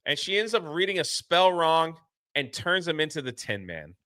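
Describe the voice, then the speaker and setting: A man co-hosting a casual movie review, retelling the plot in an animated way and acting out the characters' lines. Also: fairly high pitch, normal speed, no room sound, studio quality. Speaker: podcast co-host.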